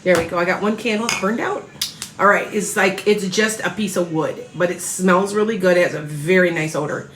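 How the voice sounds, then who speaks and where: A woman's voice: lowish voice, a little fast, fairly bright tone, reverberant, slight background noise, rough recording. A tired woman reading tarot, chatting casually and rambling on a livestream as she greets viewers by name. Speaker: tarot reader.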